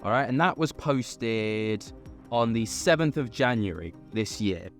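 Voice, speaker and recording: A man's voice: medium pitch, expressive, unhurried, soft background music. Chatty man hosting a commentary vlog. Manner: chatty and skeptical, many fillers. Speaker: host. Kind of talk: casual commentary on online videos.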